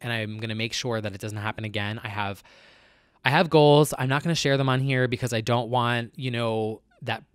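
A man with a nasal voice talks earnestly in a casual vlog and works through his thoughts with lots of fillers. His pitch sits in the middle range. The sound is close and dry, with no room echo. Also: fairly even intonation, brisk, few pauses, a bit bright, smooth. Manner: earnest and confessional, with many fillers. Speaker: vlogger. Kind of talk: casual personal vlog chat.

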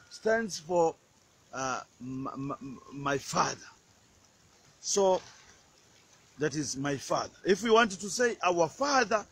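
A man's voice: on the high side, animated, slow, long pauses, slightly rough. A man giving a casual outdoor language lesson by a lake, repeating words often and hesitating with many fillers. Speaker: language teacher.

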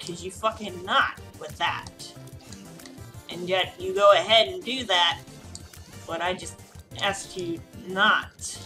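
A tipsy woman playing a video game, cursing and grumbling at it in casual commentary. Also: mid-range voice. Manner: profane, exasperated, yelling at the game. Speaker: let's play gamer.

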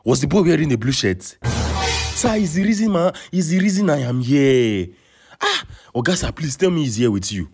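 A man acting flustered Nigerian uncle, excitable, pleading, swings up and down in pitch, music underneath. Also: fast talker, vocal fry, hardly any pauses. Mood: anxious. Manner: pleading, excitable, mixes pidgin and English. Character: flustered man hunting for a lost little nephew. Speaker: comic skit actor. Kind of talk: comedy skit acting.

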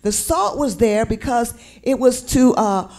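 A woman preacher speaks with a Southern American accent in a fairly high, expressive, darkish voice, a little on the slow side. In the church sanctuary, her sermon with sung lyrics draws call-and-response from the congregation.

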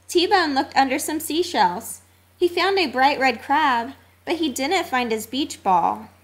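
Slow, sing-song woman reading a storybook. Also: sits high, a bit bright. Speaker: narrator. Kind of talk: children's storybook read-aloud.

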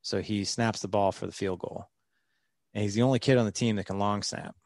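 Podcast guest, man, 40s, low gravelly voice, earnest and rambling with restarts. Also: fairly even intonation, a little fast, darkish tone, dry recording, clean studio sound. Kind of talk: candid interview storytelling.

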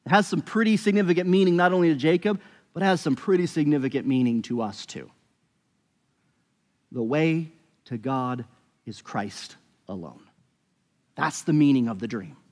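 A man's voice: a little high, moderate pace, long pauses, darkish tone. A man preaching a sermon as pastor, talking conversationally with emphatic rises and frequent restarts. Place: church sanctuary. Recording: long reverb of a church hall.

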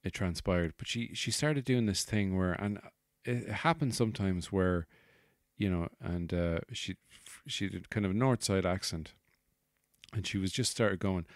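A man's voice: low-pitched, a little slow, dry recording, clean studio sound. An Irish man in his thirties, a comedian hosting his podcast, rambling casually with exasperated, sweary asides.

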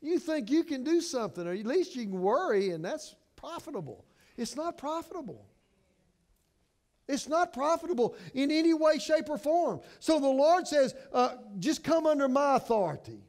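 A middle-aged man pastor preaching a sermon with passion, moving between hushed and emphatic and often restarting words. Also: extremely high pitch, lively intonation, normal speed.

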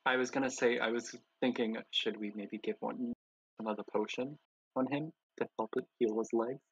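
A man's voice: medium pitch, fairly even intonation, moderate pace, slightly rough, highs cut off. A man playing a tabletop game who talks hesitantly, with many fillers and restarts. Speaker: player. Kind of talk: casual tabletop gameplay chat.

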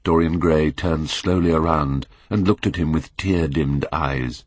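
A man narrating a classic novel as an audiobook, measured and expressive with dramatic swells, close to a studio mic. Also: rumbling low. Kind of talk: scripted literary narration.

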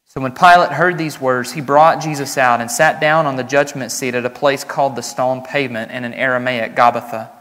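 Bright-voiced pastor in a church hall. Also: male voice, mid-range voice, fairly even intonation, normal speed, few pauses. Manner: earnest and emphatic, speeding up when explaining. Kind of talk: sermon with scripture reading. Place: church sanctuary.

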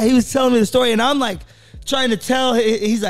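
A man's voice: high voice, a little fast, no echo, soft background music. A man hosting a barbershop podcast, telling stories loosely and swearing now and then. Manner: loose storytelling, swears, laughs. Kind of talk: casual chat.

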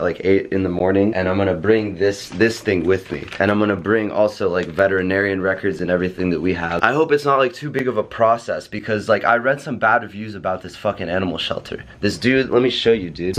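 A young man talking casually to camera as a vlogger, slangy and annoyed, swearing often. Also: sits low. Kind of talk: casual vlog talk to camera.

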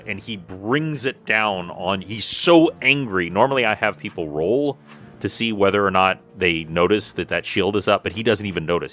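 Man, game master, low voice, bright tone, relaxed, many restarts, faint music behind. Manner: relaxed, lots of fillers and restarts. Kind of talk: narrating a tabletop game.

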